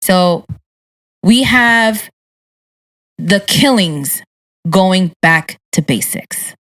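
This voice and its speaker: A woman's voice: mid-range voice, animated, drawn-out words, fairly bright tone. A woman co-hosting a podcast, chatting casually and enthusiastically in repeated phrases. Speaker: podcast co-host. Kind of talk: casual chat.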